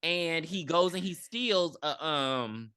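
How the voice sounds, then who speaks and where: On a podcast, a female co-host casually walks through a film's plot, acting out the characters' quotes with laughter. Her voice sits low and sounds clear and resonant, and she speaks slowly with no echo around her.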